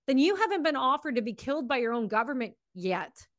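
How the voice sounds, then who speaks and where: A woman's voice: high-pitched, fast, no room sound, clean studio sound. A woman hosting a podcast who speaks with fiery, emotional passion and swears freely before turning to interview her guest. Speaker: podcast host. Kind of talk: impassioned commentary and interview.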